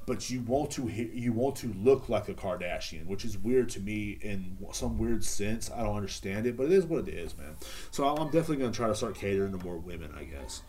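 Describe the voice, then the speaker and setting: A man's voice: lowish voice, darkish tone. A man, hosting a podcast in a casual, profane, rambling monologue. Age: 30s. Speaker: podcast host.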